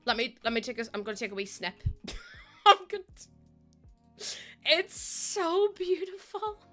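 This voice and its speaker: High, bright-voiced excitable woman streamer. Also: unhurried, soft background music. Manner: excitable, gushing, laughs often. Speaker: live streamer. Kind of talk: casual stream chat with viewers.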